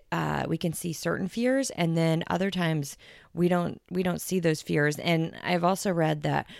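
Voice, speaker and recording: A woman host with a low, gravelly voice responds with short affirmations and follow-up thoughts. Her sound is close and dry. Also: dry recording. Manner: warmly affirming, brief reactions. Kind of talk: casual conversational interview.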